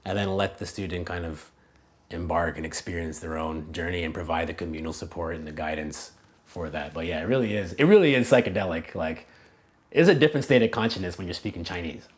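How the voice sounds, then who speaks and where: A man's voice: low voice, brisk. A man being interviewed as a language coach, talking casually and thinking aloud, with many fillers and restarted phrases. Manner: casual, animated, many "like" and "you know" fillers. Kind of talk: conversational interview answers.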